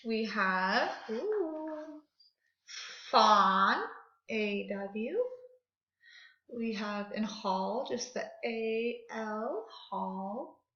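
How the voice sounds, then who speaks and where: A woman teaching second graders an online phonics lesson, slowly and clearly sounding out words for them to repeat. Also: mid-range voice, sharp tone. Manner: slow, exaggerated sounding out of words for children. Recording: echoey room, dull lo-fi audio.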